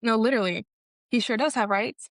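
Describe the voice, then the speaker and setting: A woman's voice: brisk, no room sound, studio quality. A young woman co-hosting a podcast, telling a long story in casual chat and acting out the people she quotes. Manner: animated, acts out quoted people with pitch jumps. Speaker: podcast co-host.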